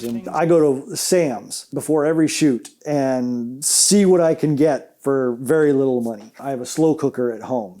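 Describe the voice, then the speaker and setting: A man who makes low-budget films, talking casually about feeding his cast, rambling and restarting his sentences. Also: mellow. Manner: rambling, self-correcting, laughs easily. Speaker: indie filmmaker. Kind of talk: casual behind-the-scenes chat.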